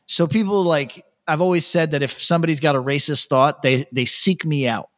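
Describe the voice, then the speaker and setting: A man hosting a podcast, telling rambling stories in casual chat, laughing often and dropping his voice low to quote people. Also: steady tone, brisk. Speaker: podcast host.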